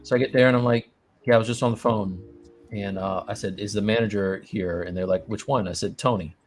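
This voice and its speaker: A man's voice: lowish voice, steady tone, fairly quick, faint music behind. Rambling man telling a story. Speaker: co-host of a 3D art live stream. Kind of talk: casual chat while sculpting.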